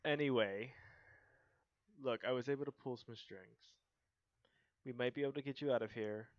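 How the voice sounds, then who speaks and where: A man's voice: medium pitch, moderate pace, lightly acted. A man doing a stern, weary lawyer brother. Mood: matter-of-fact. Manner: scolding, matter-of-fact. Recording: dull lo-fi stream audio.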